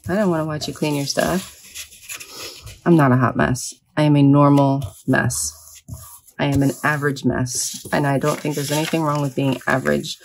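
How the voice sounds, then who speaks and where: A woman's voice: low voice, creaky, a little mellow, a little hiss or hum. A middle-aged woman in a sleepy early-morning mood, rambling chattily and self-deprecatingly while she crafts. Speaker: vlogger.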